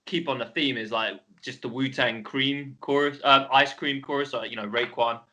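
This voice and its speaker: A man's voice: mid-range voice, fairly even intonation, normal speed, pushed and bright, a little hiss or hum. Male guest, casual podcast chat, loose and rambling. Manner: rambling, lots of fillers. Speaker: podcast guest, cookbook co-founder.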